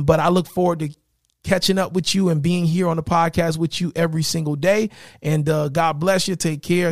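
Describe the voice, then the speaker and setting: A man's voice: on the high side, dry recording, studio quality. A man hosting his own podcast, talking casually in an upbeat, motivational way. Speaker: podcast host. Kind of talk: casual solo podcast talk.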